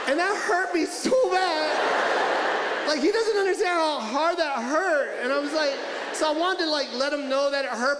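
A man's voice: very high voice, moderate pace, reverberant, noisy background. A man doing stand-up, telling a profane, confessional story about his son. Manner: profane, confessional, wounded-dad delivery. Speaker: stand-up comedian.

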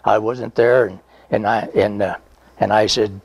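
A man's voice: lowish voice, steady tone, measured pace, gravelly, no room sound. A man in his nineties, a veteran being interviewed, telling a rambling, folksy story with chuckles and reenacted dialogue. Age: 90s. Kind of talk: conversational oral history storytelling.

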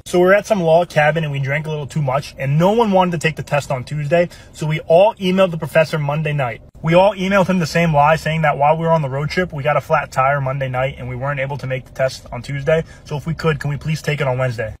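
A man's voice: a little high, fast, hardly any pauses, slightly rough. A young man, a college student, telling a casual storytime anecdote. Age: young adult.

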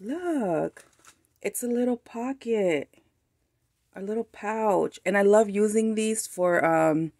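A woman with a Mexican-American accent excitedly chatting as a craft channel host, gushing over a mail package. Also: mid-range voice, slow, dry recording, studio quality. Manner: gushing, excited, frequent laughs. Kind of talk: casual unboxing chat.

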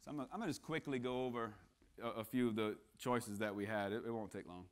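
A man's voice: medium pitch, fast talker, smooth. A man speaking as a guest at church, preaching a casual sermon that mixes jokes with earnest appeals and frequent restarts. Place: church sanctuary.

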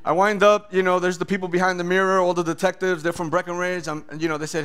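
A pastor telling his testimony in a sermon, animated, acting out voices and often laughing. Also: high voice, quick pace, hardly any pauses, clear, resonant tone.

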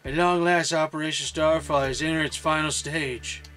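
A guarded young woman who leads a rebel team, voiced by a man reading aloud. The slightly raised voice stays plain and steady, with game music faint in the background. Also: fairly high pitch, normal speed. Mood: sincere. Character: secretive young female team leader.

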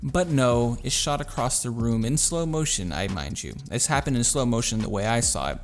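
A man's voice: mid-range voice, a little hiss or hum. Swearing young man telling a story. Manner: animated storyteller, acts out voices, swears casually. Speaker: YouTuber. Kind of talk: casual story time.

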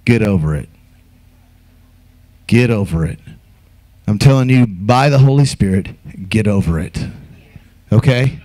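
A man preaching an Easter sermon as pastor, emphatic, with acted asides and sudden shouts. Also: lowish voice, lively intonation, measured pace, long pauses.

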